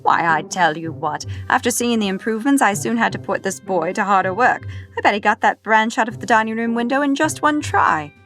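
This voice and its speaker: A woman's voice: fairly high pitch, lively intonation, fairly quick, few pauses, fairly bright tone, voice pushed up. A woman voicing a jovial, teasing older man in an audiobook, boastful and folksy, with faint music behind. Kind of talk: audiobook character voice.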